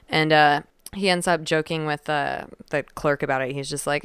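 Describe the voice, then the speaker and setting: A woman's voice: sits low, little pitch movement, normal speed, a bit bright, clear, resonant tone, no room sound. A woman co-hosting a podcast, telling a rambling casual story full of "like" and swearing. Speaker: podcast co-host.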